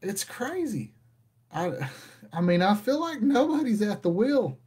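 A man's voice: sits high, sing-song, measured pace, mellow, breathy edge. A man hosting a casual rant, talking in an exasperated, conversational way. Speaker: podcast host.

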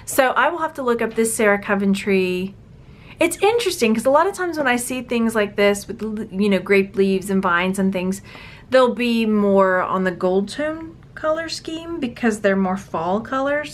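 Chatty woman, playful. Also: fairly high pitch. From Texas. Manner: chatty, playful, talks to objects. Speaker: jewelry reseller. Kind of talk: casual unboxing vlog.

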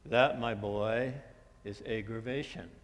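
A man's voice: on the low side, slow. A man voicing a dry, commanding old great-grandfather teaching a lesson. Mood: deadpan. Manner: commanding, deadpan. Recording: long church-hall reverb.

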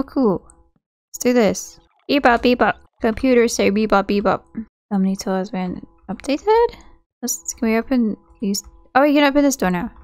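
A woman's voice: on the high side, a little mellow, dry recording. A woman hosting a gaming channel, chatting casually and reacting as she plays. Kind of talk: casual gameplay commentary.

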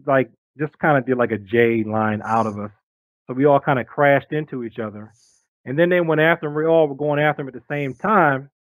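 A man in his forties, a guest on an interview show, telling stories in a lively way and acting out the voices of the people in them. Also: fairly high pitch, no room sound, rough recording. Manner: lively storyteller who acts out quoted voices. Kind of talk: casual storytelling interview.

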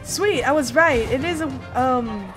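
A woman giving chatty, excitable commentary while playing a video game. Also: high voice, measured pace, over music. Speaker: gaming channel host. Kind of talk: let's play commentary.

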